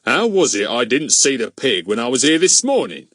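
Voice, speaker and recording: A man's voice: medium pitch, very animated, normal speed, fairly bright tone, no room sound, clean studio sound. A man doing a blustering, pompous village policeman.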